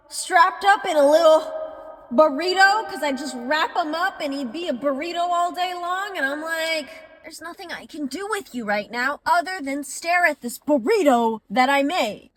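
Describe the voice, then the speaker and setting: Chatty young mom, bright high voice. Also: female voice, no echo. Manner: chatty and emotional, swinging between laughter and near tears. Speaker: mom vlogger. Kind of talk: candid confessional vlog.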